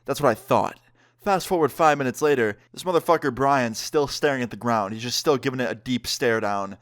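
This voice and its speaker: A man's voice: medium pitch, brisk. A young man casually telling a story to camera, with lots of "like" and swearing. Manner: animated, profane, heavy use of "like". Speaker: vlogger.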